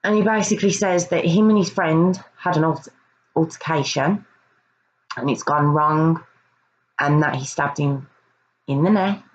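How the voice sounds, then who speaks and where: A woman's voice: deep voice, unhurried, long pauses, lo-fi sound. A woman earnestly recounting a true crime case in a casual review, often hesitating and repeating words.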